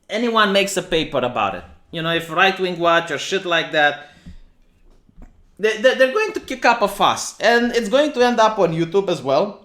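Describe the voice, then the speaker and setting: A man's voice: sits high, sharp tone. A man with a Romanian accent giving opinionated, sarcastic livestream commentary, often restarting his sentences. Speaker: streamer.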